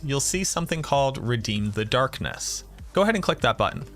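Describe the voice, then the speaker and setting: A man from the Boston area, USA, streams a game live, thinking aloud and chatting with viewers while he plays. His medium-pitched, fairly bright voice moves fairly quickly with lively intonation, and faint music sits behind him.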